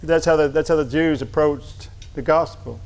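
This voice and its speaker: Male preacher, fairly high voice, reads funny anecdotes aloud, then turns to earnest sermon. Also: normal speed, slight background noise. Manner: shifts between light storytelling and earnest preaching.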